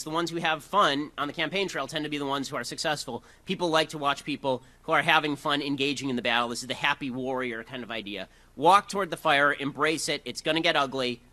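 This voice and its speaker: A man's voice: fairly high pitch, pushed and bright. A man giving a combative, mocking speech to a live audience. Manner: combative and rapid-fire, mocking. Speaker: political speaker.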